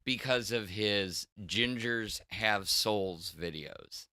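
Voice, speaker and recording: A man chats casually on a livestream, rambling and circling back on his words. His voice is bright and smooth, and it is recorded close and dry. He speaks at a slow, unhurried pace. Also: on the low side, dry recording. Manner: rambling, with stammered restarts. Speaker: podcast co-host.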